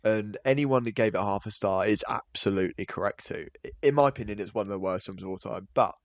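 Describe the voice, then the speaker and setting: A man's voice: on the low side, quick pace, no room sound. A young man co-hosting a film podcast, chatting casually and joking, with many restarts. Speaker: podcast co-host. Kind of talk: casual chat.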